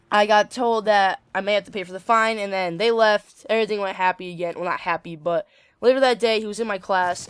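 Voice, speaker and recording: A man's voice: sits high, fairly bright tone, clear, resonant tone. A teenage boy casually telling a story over gameplay, rambling with lots of fillers and casual swearing. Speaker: gaming channel host.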